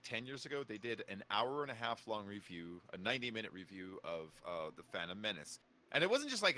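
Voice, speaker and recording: Male streamer host, bright and forceful tone, rambly filler-laden chat. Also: fairly low pitch, slight background noise. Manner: rambling, filler-heavy, lots of "like". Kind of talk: casual gaming stream chat.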